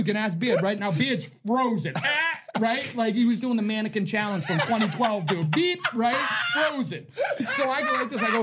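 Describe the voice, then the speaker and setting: A man on a podcast telling a long, profane story with lots of laughing and "right?" checks, his voice slightly husky. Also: high-pitched, expressive, a little fast, heavy background noise. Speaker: podcast co-host. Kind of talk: casual storytelling chat.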